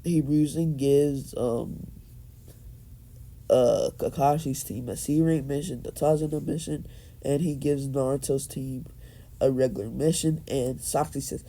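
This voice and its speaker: A man's voice: on the high side, steady tone, unhurried, dark tone. A young man improvising a fan story aloud, rambling with fillers and restarts. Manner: rambling, many fillers and restarts, laughs at own jokes.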